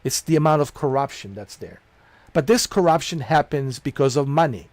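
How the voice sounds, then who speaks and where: A man's voice: mid-range voice, normal speed, no echo. A middle-aged man streaming games, ranting bluntly and profanely in a preachy tone. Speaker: gaming streamer. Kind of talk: livestream rant.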